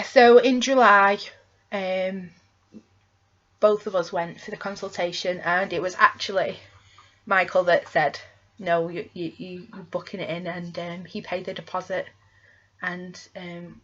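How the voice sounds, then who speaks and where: A woman's voice: on the low side, steady tone, measured pace, a bit bright. Woman chatting on a home vlog, rambly with ums and tag questions, lo-fi audio. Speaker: vlogger. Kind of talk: casual chat.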